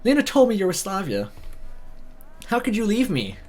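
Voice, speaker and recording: A man's voice: high voice, huge pitch swings, normal speed, faint music behind, pitched above the performer's own voice, full character voice. A man voicing a hurt, tearful teenage girl from a story he reads aloud. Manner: pleading, hurt.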